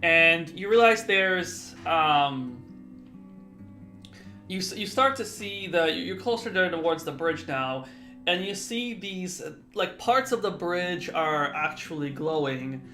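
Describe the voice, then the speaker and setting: A young man narrating as game master, halting often with fillers and restarts. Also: on the high side, lively intonation, bright, forceful tone, faint music behind. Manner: hesitant, many fillers and restarts.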